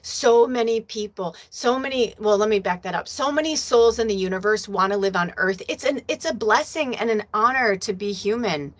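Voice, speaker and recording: A woman's voice: mid-range voice, normal speed, few pauses. A woman from the United States hosting a psychic livestream, chatting casually and freewheeling, cursing freely. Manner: animated, freewheeling, swears freely. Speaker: psychic medium and livestream host. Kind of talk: casual spiritual livestream chat.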